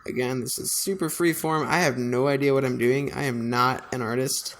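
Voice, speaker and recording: A man's voice: mid-range voice, steady tone, normal speed, slight background noise. A man designing on a computer, thinking aloud in a casual, self-deprecating way. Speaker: designer narrating his work. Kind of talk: casual screen-recording commentary.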